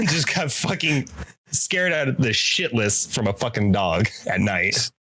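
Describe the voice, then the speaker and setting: A man's voice: medium pitch, sing-song, a little slow, bright, forceful tone, dry recording. A man co-hosting a podcast, telling a rambling story with laughter and swearing. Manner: rambling, laughs between lines, profane. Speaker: podcast co-host. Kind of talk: casual storytelling.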